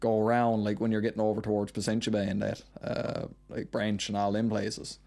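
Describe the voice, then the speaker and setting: A man's voice: on the low side, level tone, gravelly, mellow. A man in his thirties with a broad Newfoundland Southern Shore accent, chatting as a podcast guest in a rambling, storytelling way. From Newfoundland, Canada. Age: 30s. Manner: rambling, storytelling, quick with local turns of phrase. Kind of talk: casual chat.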